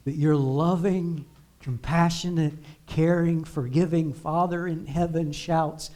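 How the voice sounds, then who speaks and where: Slow, emphatic preaching pastor, a man. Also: fairly high pitch, fairly even intonation, darkish tone. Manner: emphatic preaching with repeated declarations. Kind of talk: sermon. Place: church sanctuary.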